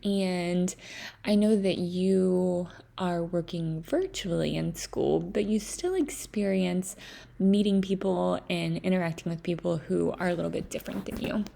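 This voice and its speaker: A woman teacher reading a children's book aloud to her students, explaining gently and pausing with fillers. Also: on the low side, creaky.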